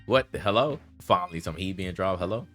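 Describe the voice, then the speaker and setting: A man with a fairly low voice holds forth in a loose, slang-filled commentary rant. He laughs often and circles back over his points with casual fillers. Faint music sits quietly behind him. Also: brisk. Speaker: commentary vlogger.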